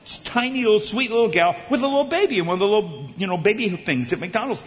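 A male preacher telling a funny story in a sermon, animated and acting out the characters. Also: high voice, quick pace. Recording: echoey large hall.

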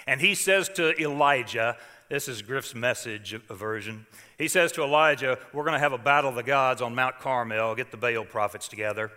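Older male pastor, dramatic sermon delivery, bright tone in a reverberant hall. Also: medium pitch. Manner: dramatic scripture reading, swings from hushed to loud.

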